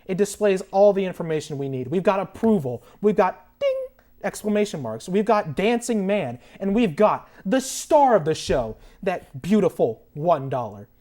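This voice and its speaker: A man's voice: high-pitched, wildly swooping pitch, moderate pace, mellow. A young man as a guest on a mock talk show, ranting theatrically and indignantly for comic effect. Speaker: guest enthusiast.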